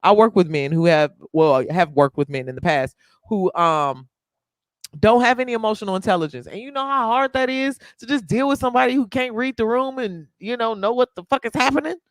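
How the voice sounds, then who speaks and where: A woman's voice: fairly high pitch, animated, a little fast, no room sound, clean studio sound. A woman hosting a podcast in casual chat, blunt and emphatic, swearing freely. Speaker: podcast host.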